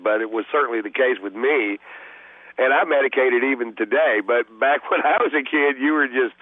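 Male comic, 50s, halting and self-deprecating, tinny dry phone line. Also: mid-range voice, no room sound. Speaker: comedian guest. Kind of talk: phone interview on radio.

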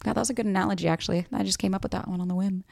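A young woman hosting a solo podcast, giving blunt dating advice in a casual, animated way and swearing freely. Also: medium pitch, rapid-fire, vocal fry, no room sound, studio quality. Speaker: podcast host.

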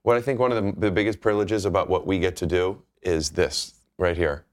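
A man's voice: low voice, fairly even intonation, a little fast. A man guesting on a comedy podcast, rambling and mock-serious. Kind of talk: comedic banter.

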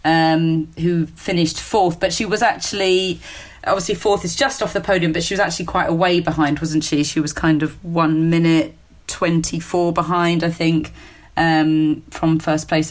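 A woman's voice: low-pitched, fairly even intonation, moderate pace. A woman hosting a podcast, chatting casually and hesitantly with frequent ums and uhs. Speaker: podcast host. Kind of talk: casual chat.

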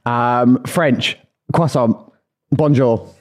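A man's voice: mid-range voice, extremely slow. A young man from England co-hosting a podcast, chatting and telling gossipy stories in a teasing way. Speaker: podcast co-host. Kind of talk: casual chat.

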